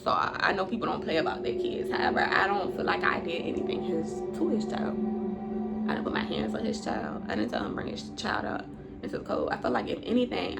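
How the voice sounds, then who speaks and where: Woman, storytime vlog, profane and emotional delivery, mid-pitched voice, background music. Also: creaky. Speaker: YouTuber telling a personal story.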